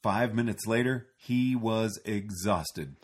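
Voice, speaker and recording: A man reading a children's storybook aloud in a slow, gentle way. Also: on the low side. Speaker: narrator.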